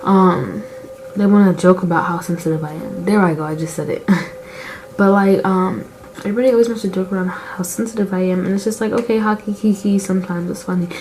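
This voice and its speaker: A teenage girl talks through a makeup vlog in a soft, mellow voice at a middling pitch. She rambles candidly about her feelings, and her sentences are strung together with constant "like" fillers. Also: steady tone, fairly quick, a little hiss or hum, poor audio. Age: late teens. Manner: rambling and confessional, full of "like" fillers. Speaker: beauty vlogger. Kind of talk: casual chat while doing makeup.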